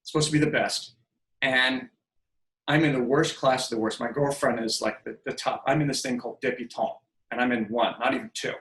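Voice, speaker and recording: A roomy, low-quality recording captures a fifty-something man's mid-range voice at a fairly quick clip. He's a guest on a podcast, casually telling stories and animatedly acting out any dialogue he repeats.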